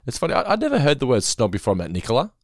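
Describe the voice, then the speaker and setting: A man's voice: medium pitch, wildly swooping pitch, very fast, very noisy. A man co-hosting a casual episode-review podcast, recapping scenes and acting out quoted lines. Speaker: podcast co-host.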